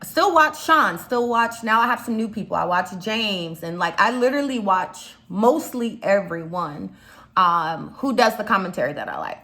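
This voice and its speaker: A young woman from Chicago, with a slight Chicago accent, rambles casually through a YouTube commentary vlog packed with fillers and asides. Her mid-range voice is expressive and sharp in tone, at a moderate pace.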